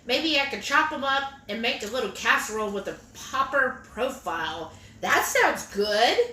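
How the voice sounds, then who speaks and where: A woman's voice: on the high side, expressive, moderate pace, pushed and bright, slight background noise. Giggly woman reading chat comments. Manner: chatty and giggly, reads comments aloud. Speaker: cooking stream co-host. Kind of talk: casual livestream chat, reading viewer comments aloud. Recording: echoey kitchen room.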